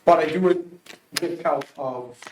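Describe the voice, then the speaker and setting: A man's voice: a little high, unhurried, darkish tone, a little hiss or hum. A man from Massachusetts answering a council committee's interview questions, earnest and emphatic, telling stories with frequent restarts. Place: council chamber. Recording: roomy public meeting audio.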